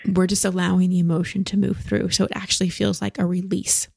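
Low, gravelly-voiced woman coaching gently. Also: little pitch movement, no room sound, clean studio sound. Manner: gentle, slow, reassuring advice with soft laughs. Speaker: podcast host and emotional coach. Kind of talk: coaching conversation.

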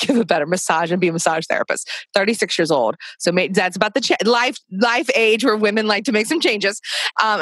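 A woman talks quickly in a casual interview, rushing through her stories and laughing often. The sound is very dry and close, with no room echo, since she is recording from inside a clothes closet. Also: lowish voice. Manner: chatty, laughs often, animated storytelling. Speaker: podcast guest, spa business founder. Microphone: video call.

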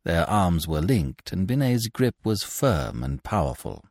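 A man narrating a classic novel for a podcast in a measured storytelling manner. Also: deep voice, big pitch swings, darkish tone, dry recording, clean studio sound. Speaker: podcast reader.

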